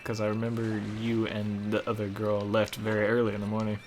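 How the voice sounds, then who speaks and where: A man's voice: lowish voice, monotone, a little fast, a little hiss or hum. Joking, swearing man at the game. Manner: joking, swears freely, laughs often. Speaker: co-host, playing the game. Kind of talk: casual gameplay commentary.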